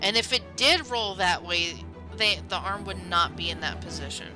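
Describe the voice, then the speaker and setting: A woman's voice: fairly low pitch, normal speed, music in the background. Exasperated New Jersey woman streaming a game. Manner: exasperated, chatty, stumbling over repeats. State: dry throat. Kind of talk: casual let's-play chat.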